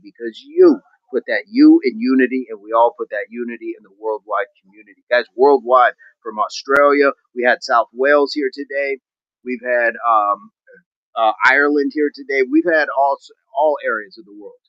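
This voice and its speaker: A man's voice: mid-range voice, no echo, muffled recording. A man hosting a fitness livestream, chatting to his viewers in an upbeat, rambling, jokey way. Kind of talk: casual livestream chat to viewers.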